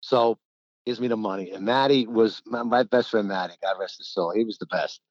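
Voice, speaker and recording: A middle-aged man who played college basketball tells loose, casual stories, laughing frequently and voicing the people he quotes. He speaks a little fast in a lowish voice, on a dry, dull lo-fi recording.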